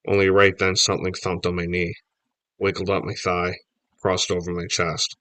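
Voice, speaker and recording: A man reading a children's novel aloud, telling the story lively in first person. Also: low voice, normal speed, no echo. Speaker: audiobook reader.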